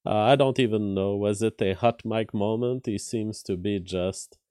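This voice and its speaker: A man's voice: lowish voice, moderate pace, darkish tone, dry recording, clean studio sound. A man hosting a live stream of casual news commentary. He thinks aloud with restarts and filler words, and reads headlines before commenting on them.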